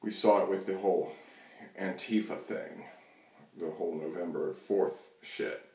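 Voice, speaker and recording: A man's voice: low-pitched, fairly even intonation, a little slow, darkish tone. A man hosting his own channel, ranting about politics in a rambling, profane way with lots of fillers and restarts. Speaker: channel host. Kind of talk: casual political rant to camera. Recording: echoey room, mic far off.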